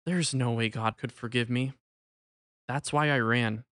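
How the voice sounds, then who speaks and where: A man voicing a young male novice who ran away, speaking in a halting, contrite way. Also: mid-range voice, steady tone, a bit bright, no room sound, studio quality, close to an everyday voice. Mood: pleading. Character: young male runaway novice, ashamed and remorseful.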